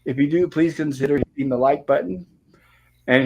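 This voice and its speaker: A man's voice: on the high side, moderate pace, a little mellow, slightly rough, lo-fi sound. A man hosting a live-streamed review show, greeting viewers and reading chat messages aloud in a friendly, rambling way. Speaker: podcast host.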